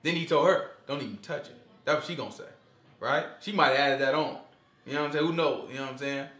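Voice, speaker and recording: A man leading a casual Bible study, animated and conversational, acting out the quotes he explains. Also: a little high, quick pace. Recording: echoey room.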